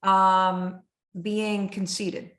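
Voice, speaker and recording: A middle-aged woman hosting an interview, telling stories in an animated, vivid way. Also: medium pitch, very slow. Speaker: host. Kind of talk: conversational interview. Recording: roomy echo.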